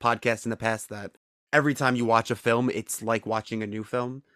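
A man from the United States hosts a casual podcast interview and talks through his ideas out loud. His pitch sits mid-range, and the sound is dry and close. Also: steady tone, brisk, clean tone, dry recording. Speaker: podcast host.

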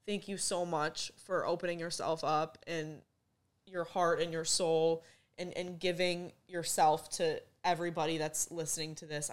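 A young woman hosting a podcast, supportive and affirming toward her guest in heartfelt talk. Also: deep voice. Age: young adult. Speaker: podcast host. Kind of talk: heartfelt conversation.

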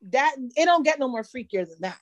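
A woman's voice: high-pitched, very animated, fairly quick, no room sound. A woman co-hosting a podcast in casual chat, often chiming in with short agreements and joking along. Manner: frequent affirming interjections, playful. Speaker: podcast co-host.

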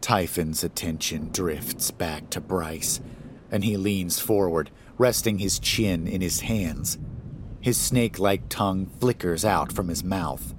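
A man narrating a first-person horror story in a measured, grave way. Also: sits low, a little hiss or hum.

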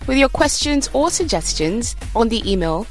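A woman's voice: on the high side, big pitch swings, moderate pace, faint music behind. A woman from Kenya hosting a podcast, upbeat and inviting as she introduces the show. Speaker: podcast host.

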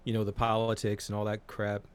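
A man's voice: on the low side, monotone, brisk, clean tone. A man in his forties, co-hosting a podcast in casual chat, rambling and swearing with many fillers. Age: 40s. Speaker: podcast co-host.

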